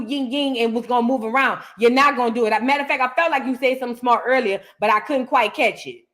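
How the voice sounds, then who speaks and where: A woman's voice: high-pitched, fairly bright tone. An American woman hosting a reaction show, giving heated commentary on viewer comments and repeating her lines for emphasis. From United States.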